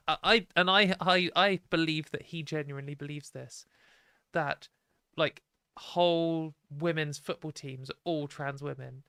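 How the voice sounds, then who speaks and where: A woman's voice: low voice, a little slow, a bit bright, clean tone, dry recording, clean studio sound. A young British woman hosting a livestream, ranting in exasperated, sweary, sarcastic commentary. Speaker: livestream host.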